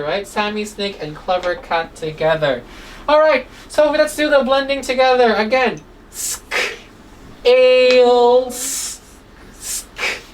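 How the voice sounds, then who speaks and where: A woman teaching a phonics lesson to children, sounding out words slowly and asking "okay?" after nearly every line, coaxing and gently scolding. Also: high voice, recorded from a distance, a little hiss or hum, rough recording. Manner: slow, drawn-out sounds, repeats "okay?" often; coaxing, mildly scolding when children drift.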